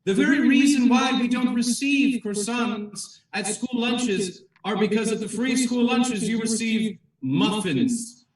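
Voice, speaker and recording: A man's voice: extremely high pitch, unhurried. A man doing improv comedy as a mock counselor, delivering a grandiose, mock-formal argument. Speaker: improv performer arguing for croissants. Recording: echoey room, far from mic.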